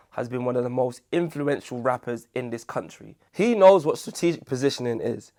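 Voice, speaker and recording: A man hosting a casual commentary video, jokey and self-deprecating, full of chatty asides. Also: medium pitch. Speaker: video essay host.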